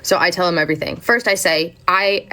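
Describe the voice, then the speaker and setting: A woman in her twenties telling a story vlog-style, keeping her voice down at home at night while acting out quotes. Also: fairly low pitch. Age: 20s. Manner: keeps voice down since others are asleep; quick, animated retelling with acted quotes.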